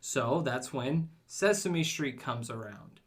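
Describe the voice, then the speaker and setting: A man co-hosting a podcast, talking in a relaxed, conversational way with frequent fillers. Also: medium pitch, slow. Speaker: podcast co-host. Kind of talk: casual chat.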